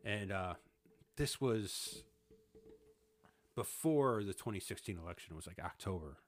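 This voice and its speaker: A man's voice: on the low side, expressive, measured pace. A man in his thirties telling a story in a casual podcast chat, laughing often, swearing and acting out what people said. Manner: laughing, swearing, acts out quotes. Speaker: podcast host.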